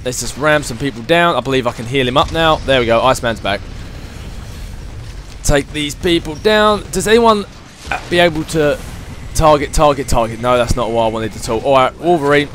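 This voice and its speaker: A man chatting excitably through his let's play commentary as he plays a video game, thinking aloud as he goes. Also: medium pitch, normal speed, slight background noise. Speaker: gaming channel host.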